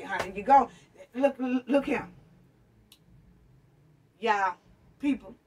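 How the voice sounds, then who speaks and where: Woman from New York, blunt profane rant, husky voice recorded from a distance. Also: on the high side, a bit bright. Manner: blunt, profane, preachy, addresses viewers as family and honey. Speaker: commentary vlogger. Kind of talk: ranting commentary.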